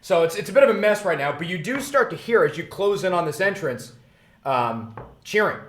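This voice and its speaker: A man's voice: sits high, expressive, fairly quick. A young man narrating as game master in a tabletop game he streams, rambling along with many fillers and breaking into laughs. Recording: roomy echo.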